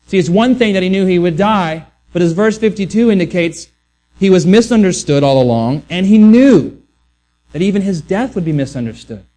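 A man's voice: high-pitched, expressive, moderate pace, mellow. A man preaching a sermon earnestly, often restarting words and acting out the voices he quotes. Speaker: pastor.

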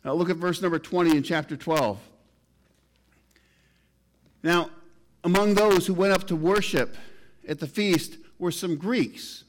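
During a sermon, a male pastor reads from scripture out loud. He varies his pitch and volume, raising and lowering his voice to give weight to his words.

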